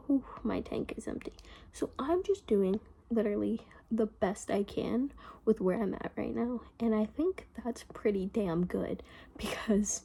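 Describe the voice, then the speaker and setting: A teenage girl rambles through a casual diary vlog, dropping "like" constantly and often half-whispering. Her voice sits a touch high but sounds mellow, with a husky, breathy grain and lots of vocal fry. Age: teens. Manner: rambling, chatty, full of "like" fillers. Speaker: vlogger. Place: her bedroom. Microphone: phone.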